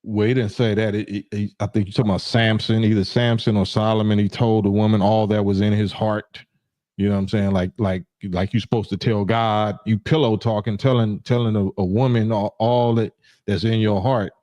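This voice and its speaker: A man's voice: on the low side, little pitch movement, a little fast, warm tone, no echo. A man hosting a livestream in casual chat, rambling and often saying "you know what I'm saying". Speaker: livestream host.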